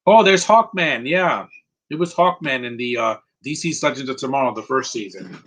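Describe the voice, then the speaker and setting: Rambling husky-voiced man. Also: medium pitch, fairly bright tone, rough recording. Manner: rambling, chats with viewers, quick opinions. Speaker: live commentary streamer. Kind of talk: casual live movie commentary.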